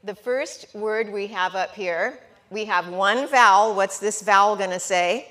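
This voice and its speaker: A woman teaching a class at a board, slow and patient, coaxing her students with questions. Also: mid-range voice, fairly bright tone. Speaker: Hebrew teacher. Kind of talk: classroom lesson at a whiteboard.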